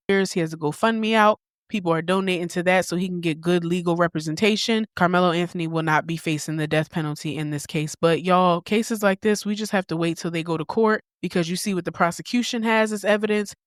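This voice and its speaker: A woman's voice: fairly low pitch, a little fast, hardly any pauses, dry recording. Blunt woman podcast host, dry close sound. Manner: blunt, candid, swears casually. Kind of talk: opinionated commentary.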